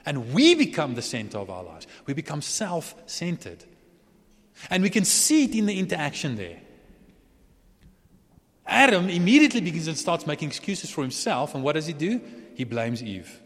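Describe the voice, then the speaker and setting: A man preaching a sermon in a relaxed, chatty way, often restarting and chuckling. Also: fairly high pitch, moderate pace. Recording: long hall reverb.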